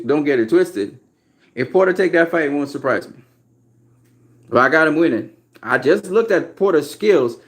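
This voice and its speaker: A man, a boxing trainer, giving his opinions in casual, emphatic talk, repeating his points bluntly and with profanity. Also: mid-range voice.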